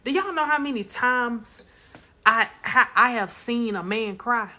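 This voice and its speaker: A woman's voice: on the high side, unhurried, pushed and bright. A woman speaking bluntly and emphatically to viewers in a casual live stream, repeating lines for stress. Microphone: phone.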